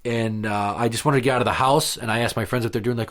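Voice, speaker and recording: A man's voice: mid-range voice, fairly even intonation, fast talker, fairly bright tone. A male podcast host telling crude, sarcastic concert stories in casual banter. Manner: profane, sarcastic storytelling.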